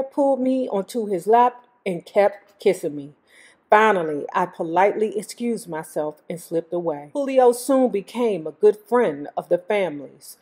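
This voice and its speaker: A woman host reading a memoir aloud, breaking off for blunt, joking commentary. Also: mid-range voice. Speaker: YouTube host.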